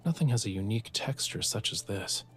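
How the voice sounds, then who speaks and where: A man's voice: lowish voice, lively intonation, fairly quick, natural voice. An actor voicing a playful young male sea god, a merman who banters easily in a game. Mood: relaxed. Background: faint game music.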